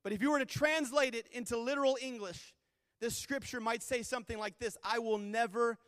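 A man's voice: very high-pitched, brisk, a bit bright, no echo, big-room sound. A male pastor preaching a sermon with fervent, repeated refrains.

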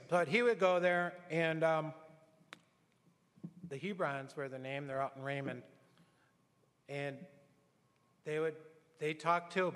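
In a church sanctuary, a middle-aged man with a fairly bright voice on the high side preaches a conversational sermon, sharing anecdotes and acting out quotes. The recording carries long hall reverb.

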